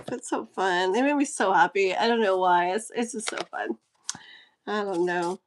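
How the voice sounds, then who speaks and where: A woman hosting a casual live stream and pulling cards, giggly, gushing and easily excited. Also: mid-range voice, normal speed, a little hiss or hum. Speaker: live-stream host and card reader.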